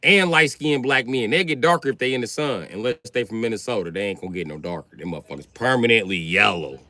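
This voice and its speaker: A man's voice: lowish voice, lively intonation, fast, sharp tone. A man hosting a livestream, ranting crudely and teasing his chat as he riffs off their comments. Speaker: livestream host. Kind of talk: profane comedic rant to chat.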